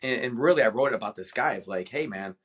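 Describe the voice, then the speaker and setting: A retired veteran from Cleveland, Ohio, talks fast in a medium-pitched, expressive voice that's a bit bright and slightly rough. As a podcast guest, he tells a personal story with passion and animation in a casual interview.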